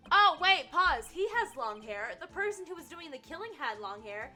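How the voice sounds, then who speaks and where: A young woman streamer reacting to a game in an excitable, chatty way. Her voice is high and bright, and faint game music plays under her talk. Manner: excitable, chatty, quick to laugh. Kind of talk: casual gameplay commentary.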